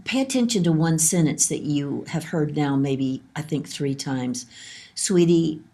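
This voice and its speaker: A woman lecturing on child development, calm and explanatory, repeating her key points. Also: sits low, moderate pace. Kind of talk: instructional lesson narration.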